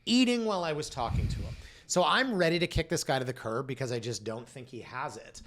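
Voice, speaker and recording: A Canadian man co-hosting a real estate podcast, telling stories in an animated, joking way and acting out the people he quotes. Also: medium pitch, a little fast. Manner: animated, acts out dialogue in quoted voices. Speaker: realtor and co-host. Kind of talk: casual podcast storytelling.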